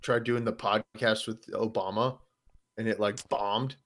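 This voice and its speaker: A man's voice: on the low side, steady tone, measured pace, a bit bright. A man co-hosting a podcast, blunt and sarcastic, swearing through crude casual banter. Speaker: podcast co-host.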